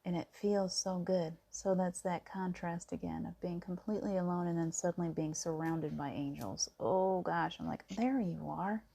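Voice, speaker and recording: A middle-aged woman talks to her viewers in a calm, soft-spoken way. Her voice sits a little low and sounds mellow and warm. She tells a personal story with gentle, reassuring emphasis. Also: moderate pace, gravelly, hardly any pauses. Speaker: spiritual vlogger. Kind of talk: casual spiritual monologue.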